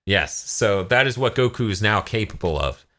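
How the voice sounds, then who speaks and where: A man co-hosting a podcast, recapping an anime episode in casual chat, swearing freely and acting out the characters. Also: normal speed. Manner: animated retelling, jumps into high squeaky voices for quoted characters, swears freely. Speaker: podcast co-host.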